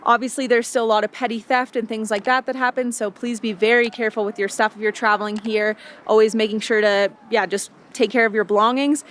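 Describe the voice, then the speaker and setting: A woman's voice: a little high, steady tone, fairly quick, fairly bright tone, a little hiss or hum. A woman travel vlogger talking in a chatty, upbeat way about her trip. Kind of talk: casual travel vlog.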